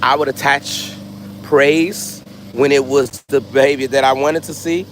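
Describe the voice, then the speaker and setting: A man vlogging, telling stories in a loose, animated way and acting out voices. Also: medium pitch, measured pace, slight background noise. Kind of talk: casual storytelling.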